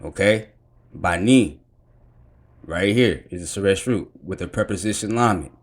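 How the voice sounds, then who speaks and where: A man's voice: lowish voice, moderate pace, husky. A man explaining Hebrew grammar emphatically, pointing out each detail step by step.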